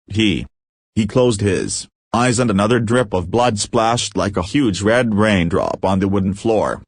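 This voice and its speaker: A man reads a story aloud in a measured, deliberate way, as an audiobook narrator. His voice is on the low side, and it is recorded close and dry with no room echo. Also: animated, husky. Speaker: audiobook reader.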